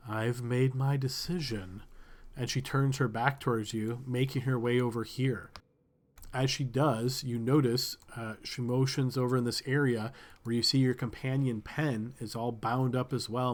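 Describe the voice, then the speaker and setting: A man narrating a tabletop game as game master, relaxed and searching for words. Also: mid-range voice.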